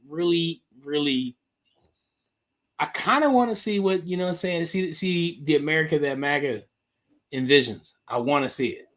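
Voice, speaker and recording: Man, podcast co-host, rambling, animated, restarts, slightly high voice. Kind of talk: casual profane talk.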